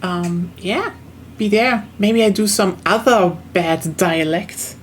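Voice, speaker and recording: Speaking slowly in a mid-range voice, a young woman from southern Germany with a German accent chats casually while streaming a game. She rambles with plenty of fillers and restarts, and a little hiss or hum is audible.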